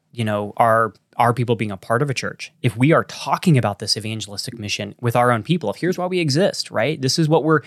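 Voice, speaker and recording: A man's voice: mid-range voice, a bit bright, no room sound, clean studio sound. A man with a Texan accent, a pastor talking earnestly in a casual conversation, often restarting his sentences. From Texas. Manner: earnest, rambling with many restarts and fillers. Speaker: church planting pastor.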